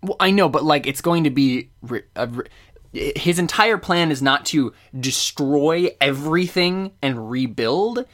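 Calm young man explaining ideas. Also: on the high side, a little slow. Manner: thoughtful, explains scripture calmly, laughs easily. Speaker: podcast co-host. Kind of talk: casual chat.

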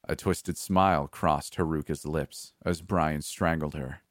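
Male narrator with a low voice and a dry recording, reading a tense story in measured tones. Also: fairly even intonation, dry recording. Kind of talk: scripted first-person story narration.

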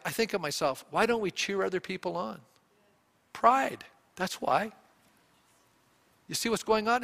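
A male pastor preaching a sermon, animated and often putting questions to the congregation. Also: high voice, in a large hall.

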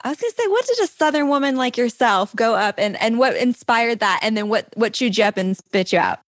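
A woman hosts an interview and reacts quickly to her guest. Her voice swings widely in pitch. The sound is close and dry. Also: lively intonation, no room sound. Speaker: podcast host. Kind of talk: interviewer asking questions.

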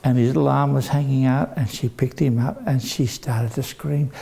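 An older man telling a dramatic story to children, animated and acting out the voices. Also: medium pitch, normal speed, creaky. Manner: animated, acts out voices with shouts.

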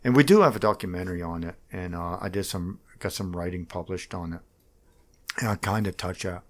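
In a casual interview, a middle-aged man with a low voice talks about himself as a political candidate, halting and rambling with frequent restarts.

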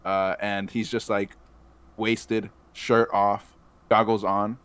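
Low-voiced young man joking around. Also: flat delivery, slow pace, fairly bright tone, clean tone, dry recording. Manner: loose, joking, laughs along. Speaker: podcast co-host. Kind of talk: casual chat.

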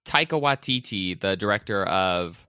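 A man's voice: low-pitched, expressive, moderate pace, sharp tone, smooth, no echo. A man co-hosting a casual podcast chat, talking loosely and leaning on filler words. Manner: chatty, lots of "like" fillers. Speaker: podcast co-host.

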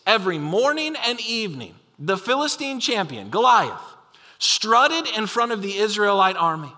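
A man's voice: sits high, sharp tone. A man preaching a sermon as pastor, telling the story with emphatic energy. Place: church sanctuary. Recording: long hall reverb.

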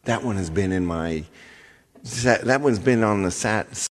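A man's voice: lowish voice, measured pace, big-room sound, faint music behind. A man hosting a live stream, chatting casually with viewers and telling a long, ranting story. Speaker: live stream host and singer.

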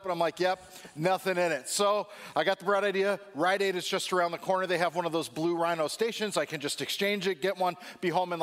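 Man, pastor, sermon, comic storytelling, acts out dialogue, a bit high-pitched. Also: a bit bright. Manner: slows and lowers his voice for serious points.

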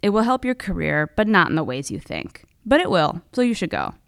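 A woman host quoting a psychic in a slow, hushed, soothing voice. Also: on the low side, huge pitch swings, creaky, dry recording, clean studio sound, heavily acted. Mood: ominous.

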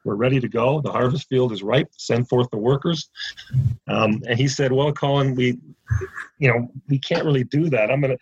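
A man's voice: medium pitch, normal speed, slightly rough, no echo, muffled recording. A man from Canada, a ministry founder, telling a story as an interview guest and acting out the quoted dialogue.

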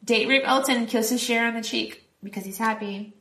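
A woman co-hosting a podcast, recapping a film in casual chat, quoting characters in quick voices and laughing often. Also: a little high, steady tone, a bit bright, echoey room. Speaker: podcast co-host.

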